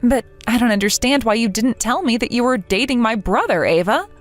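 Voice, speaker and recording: A woman's voice: a little high, animated, brisk, soft background music, lightly acted. A synthetic woman's voice speaking as a hurt young woman in a text-message story, asking earnest, pleading questions. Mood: shocked.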